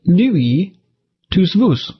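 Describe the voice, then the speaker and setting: Man, husky voice, language teacher, methodical step-by-step lesson, dull lo-fi sound. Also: high voice, sing-song, extremely slow. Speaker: Greek teacher. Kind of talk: recorded lesson.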